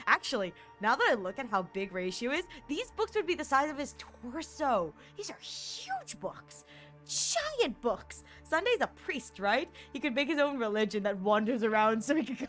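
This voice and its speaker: Her voice slightly high and a little bright, a female streamer talks casually during gameplay. She rambles and giggles, filling her speech with lots of fillers.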